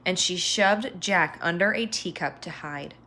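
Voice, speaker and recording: A woman reading a children's story aloud with expressive delivery and sound effects. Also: on the low side, measured pace, a little hiss or hum.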